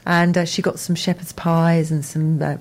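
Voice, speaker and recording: A woman co-hosting a casual local radio show, chatty and quick to poke fun at herself. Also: deep voice, flat delivery, a little mellow. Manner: chatty, self-mocking. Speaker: radio co-host.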